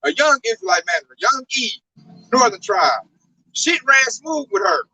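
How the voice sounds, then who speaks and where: A man in a casual religious talk, preaching in an animated, profane way. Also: extremely high pitch, normal speed, a little hiss or hum, poor audio. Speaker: religious talk show speaker.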